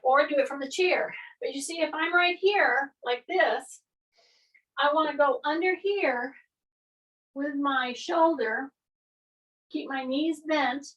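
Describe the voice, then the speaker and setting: A woman's voice: sits high, slow pace, long pauses, a bit bright, distant mic, low-quality recording. A woman fitness instructor leading a workout, coaching in an upbeat way and checking in with "okay?" as she goes.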